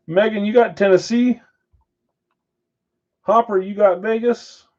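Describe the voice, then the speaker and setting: Guy running a live card break stream, bit high voice, rattles off names quick w/ chatty side comments, muffled lo-fi sound. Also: steady tone, darkish tone. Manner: brisk name-and-team roll call with chatty asides. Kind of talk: casual live-stream roll call.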